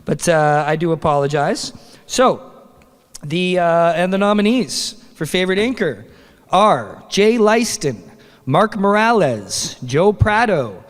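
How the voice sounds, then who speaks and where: A man's voice: sits high, animated, slow. A man with a Canadian accent emceeing a live awards ceremony on a convention stage, upbeat and joking as he reads out nominees. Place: large convention hall stage. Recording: long hall reverb.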